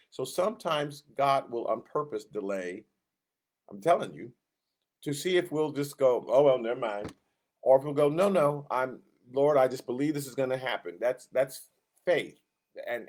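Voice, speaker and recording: Animated man teaching Bible class. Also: mid-range voice. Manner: animated, acts out quotes in raised voice, self-interrupting. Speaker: Sunday school teacher. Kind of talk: Bible lesson, casual teaching.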